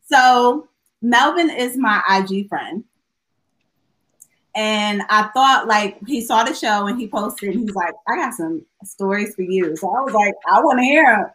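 A woman's voice: mid-range voice, a little slow, a bit bright, low-quality recording. Woman host, chatty and casual. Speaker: podcast host. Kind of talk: casual chat.

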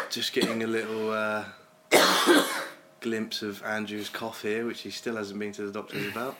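A man's voice: on the low side, wildly swooping pitch, slow pace, pauses often, heavy background noise. A man hosting a casual podcast, teasing his co-host and laughing often. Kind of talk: casual banter.

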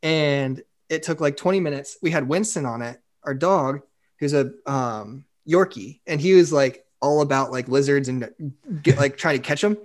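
A man telling a long story in casual chat, animated and full of "like" fillers, acting out what others said. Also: mid-range voice, normal speed. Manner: animated, acts out quotes, frequent "like" fillers.

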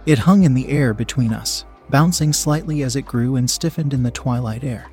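A man narrating a story in a steady, even reading voice. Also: mid-range voice, normal speed, soft background music. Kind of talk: audiobook-style story reading.

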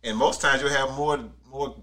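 A man's voice: mid-range voice, steady tone, moderate pace, noisy background. A man telling a funny family story in casual chat, laughing often.

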